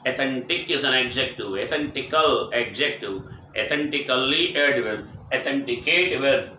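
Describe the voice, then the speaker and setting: A man teaching English vocabulary, spelling words out letter by letter, explaining each meaning and repeating it, asking if it is clear. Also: mid-range voice, normal speed, sharp tone. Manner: repetitive, explanatory. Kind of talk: vocabulary lesson. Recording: echoey room with faint ambient noise.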